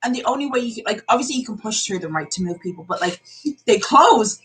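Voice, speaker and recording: An Irish woman spins a story for her family in casual conversation. Her voice sits high and swoops all over the place, with a bright, sharp edge. She acts out what everyone said as she goes. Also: fast. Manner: animated storyteller, acts out what people said, laughs often. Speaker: vlogger telling stories to family. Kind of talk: casual chat.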